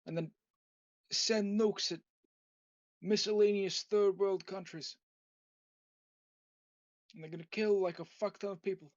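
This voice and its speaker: A man voicing an aging, menacing mafia boss in a gruff mock-gangster drawl, recorded on a dull lo-fi setup. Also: sits high, fairly even intonation, a little slow, pauses often, no room sound. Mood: rambling. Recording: dull lo-fi dry home recording.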